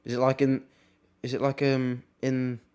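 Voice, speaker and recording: A man's voice: medium pitch, completely flat delivery, darkish tone, smooth. Chatty young Englishman reacting to football. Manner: chatty, wry asides and quick reactions. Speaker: watchalong streamer. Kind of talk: casual live football commentary.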